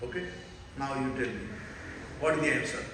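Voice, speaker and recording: A man's voice: medium pitch, a little fast, background noise. North Indian man preaching in an echoey hall. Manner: animated storytelling, quizzing the audience. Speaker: preacher teaching a scripture class. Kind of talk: sermon. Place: large temple hall. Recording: echoey hall recorded from far off.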